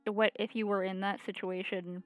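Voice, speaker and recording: A woman's voice: mid-range voice, level tone, moderate pace, smooth, soft background music. A woman streamer with a sore, scratchy throat, reading a visual novel aloud and then chatting casually and ramblingly.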